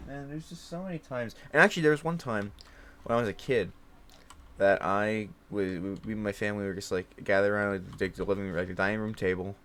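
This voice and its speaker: A young man rambling in a casual monologue, circling back with fillers and restarts and laughing at himself. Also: a little hiss or hum. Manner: rattling off a long string of mock-German names, rising higher and louder. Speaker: host.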